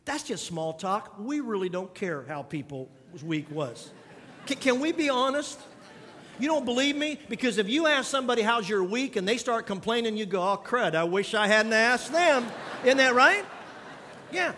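A man's voice: very high-pitched, animated, normal speed, sharp tone, big-room sound, a little hiss or hum. A man preaching a sermon as pastor, driving points home by repeating key lines and putting questions to the congregation. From grew up on a farm. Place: church sanctuary.

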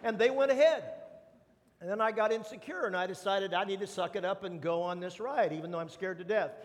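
A male pastor with a high voice delivers a sermon from a big church hall, where his words ring out with a long reverb. He tells stories on himself with easy humor. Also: brisk. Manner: humorous, self-deprecating storyteller. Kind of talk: sermon with personal storytelling.

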